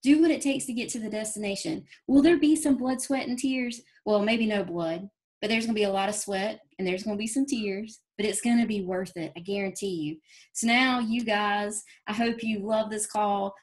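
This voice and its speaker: A woman's voice: medium pitch, darkish tone. A woman giving an earnest, folksy motivational talk on a team training call. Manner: folksy, earnest, fast-moving pep talk. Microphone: phone or call audio.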